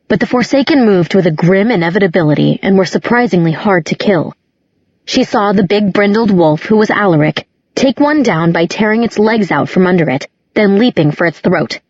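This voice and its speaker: A woman reading a dark fantasy novel aloud as scripted storybook narration, in a measured, dramatic way. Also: fairly low pitch, dry recording. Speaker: audiobook narrator. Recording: dull lo-fi audiobook recording.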